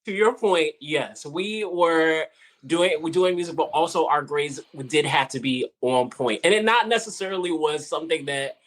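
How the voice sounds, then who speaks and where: A young man from the Washington DC area, a singer and podcast guest, telling his story in friendly, relaxed chat and laughing easily. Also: fairly high pitch, normal speed. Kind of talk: casual interview chat.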